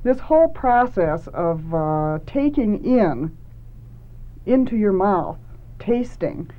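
A woman's voice: mid-range voice, sing-song, takes it slowly. A woman hosting a talk about books, speaking in a thoughtful, earnest way, over a tinny phone-like line. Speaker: host.

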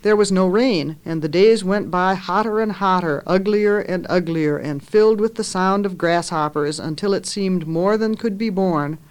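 A woman author reading a story aloud in a measured, expressive way, lifting her voice for the characters' lines. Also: lowish voice, smooth.

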